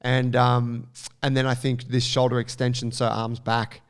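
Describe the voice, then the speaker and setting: A man co-hosting a casual podcast. He talks in a relaxed, measured way and keeps his advice practical and down to earth. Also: mid-range voice, clean tone. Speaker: podcast co-host. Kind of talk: casual podcast chat giving training advice.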